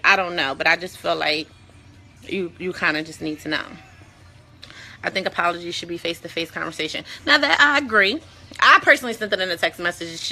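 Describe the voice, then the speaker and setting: A woman with a bright, clear voice hosts a casual talk vlog. She speaks bluntly and conversationally, swears freely, and. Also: mid-range voice. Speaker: show host.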